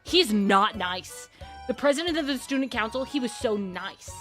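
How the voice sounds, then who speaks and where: A woman streamer casually retelling a long dream story, full of "like" and slow dramatic pauses. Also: a little high, expressive, fairly bright tone, soft background music.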